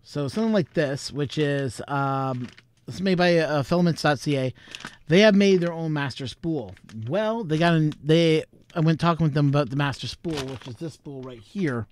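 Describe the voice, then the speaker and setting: A man's voice: fairly high pitch, normal speed, darkish tone, a little hiss or hum. A man hosting a vlog in casual chat, rambling, chuckling and thinking aloud. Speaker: vlog host.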